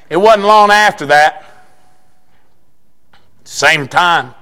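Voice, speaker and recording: High-voiced folksy preacher. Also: male voice. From southeastern Indiana. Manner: folksy storytelling with bursts of shouting. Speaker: pastor. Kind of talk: sermon.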